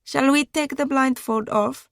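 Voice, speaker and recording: A cold, hard female captor, put on by a woman reading an audiobook, her voice lifted well above the narration. She sounds scornful even when coaxing, and speaks slightly off-mic in a dry booth. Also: high-pitched, a little slow, creaky, no room sound, pitched above the performer's own voice.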